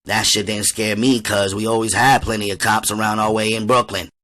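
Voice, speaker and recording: A man reading a novel aloud as an audiobook reader, with steady, measured storytelling. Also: lowish voice.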